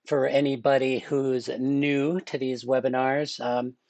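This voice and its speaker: A man teaching a live online exam-prep lesson in a relaxed, chatty way, with filler words and joking asides. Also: medium pitch, unhurried, dry recording. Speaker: webinar instructor.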